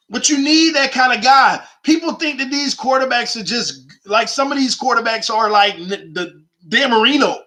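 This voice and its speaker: A man's voice: high-pitched, sharp tone. A man hosting his own sports channel, arguing his points emphatically and repeating them for effect in casual commentary.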